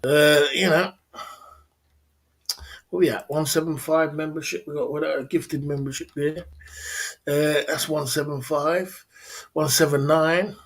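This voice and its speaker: A man's voice: fairly high pitch, fairly even intonation, measured pace, long pauses, fairly bright tone. A man hosting a livestream in casual chat, repeating his phrases, speaking in slang and laughing often. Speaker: livestream host.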